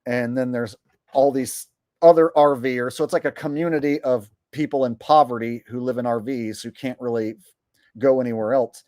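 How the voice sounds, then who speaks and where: A man's voice: medium pitch, fairly even intonation, normal speed, mellow, dry recording, studio quality. Indignant, rambling male streamer. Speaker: livestream host. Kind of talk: casual livestream commentary.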